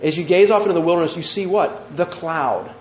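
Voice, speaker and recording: A man preaching a sermon as pastor, animated and full of rhetorical questions. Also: a little high, a little fast, echoey room, slight background noise.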